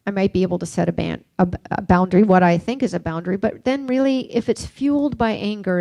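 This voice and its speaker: Gravelly older woman giving a workshop talk. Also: medium pitch, no echo. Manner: reflective, anecdotal, gently questioning. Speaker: workshop speaker.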